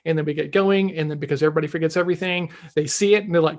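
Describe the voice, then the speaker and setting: A man's voice: on the high side, racing. A man co-hosting a sales podcast, telling stories and acting out what people said. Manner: animated, acts out quoted dialogue. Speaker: podcast co-host. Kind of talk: casual storytelling.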